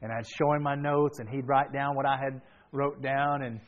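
A man's voice: medium pitch, level tone, normal speed, narrow, tinny audio. Man preaching a chatty storytelling sermon. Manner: casual and chatty, with frequent restarts. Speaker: pastor.

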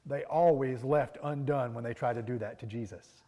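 A man preaching a morning sermon, earnestly repeating his key lines and swelling to emphatic peaks between quieter stretches. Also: mid-range voice, normal speed, long reverb tail. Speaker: pastor.

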